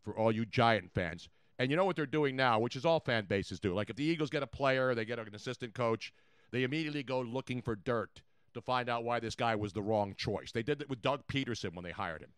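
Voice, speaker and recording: A man hosting a sports radio show, loud and theatrical, with a voice that swings widely in pitch. The sound is dry and close. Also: expressive, a little fast, smooth, dry recording. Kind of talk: sports talk show banter.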